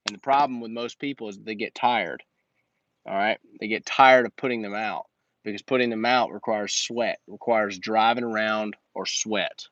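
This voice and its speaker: A man's voice: on the low side, dull audio. A man hosting a casual livestream Q&A and coaching business owners in slangy, emphatic talk that repeats his points.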